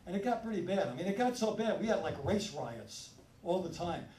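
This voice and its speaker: A man from Brooklyn doing a stand-up set, telling stories in a punchy, animated way. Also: sits high, fairly quick, slight background noise. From Brooklyn, New York. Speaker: stand-up comedian. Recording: roomy live sound from a distance. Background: audience laughter.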